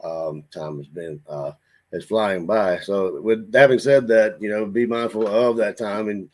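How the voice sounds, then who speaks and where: A man's voice: lowish voice, a little slow, darkish tone. A man from the Washington DC area, a podcast co-host who talks in earnest, meandering reflections in casual sports talk.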